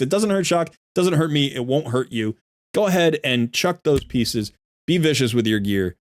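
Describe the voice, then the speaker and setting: A man streaming a game and coaching viewers, talking bluntly and emphatically and often repeating himself, sounding a bit irritated. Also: a little high. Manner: sounds irritated while sorting gear. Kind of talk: casual livestream commentary.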